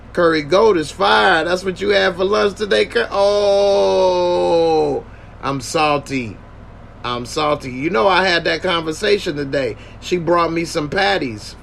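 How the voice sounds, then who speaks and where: Male host, slightly high and gravelly, slangy and joking. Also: a bit bright, slight background noise. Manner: joking, slangy, thanks viewers. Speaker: podcast host. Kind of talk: casual livestream chat.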